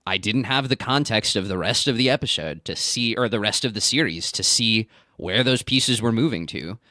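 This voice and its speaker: A male podcast guest talks through his opinion of an episode earnestly, his pitch moving in a lively way as he thinks aloud. The recording is close and dry. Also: moderate pace, no room sound. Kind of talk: casual recap chat.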